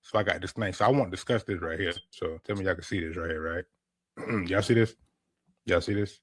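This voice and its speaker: Low-voiced man, laid-back podcast chat, dry close sound. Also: brisk, slightly rough, dry recording. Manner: animated, laid-back storytelling with repeated restarts. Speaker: podcast host. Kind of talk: casual chat.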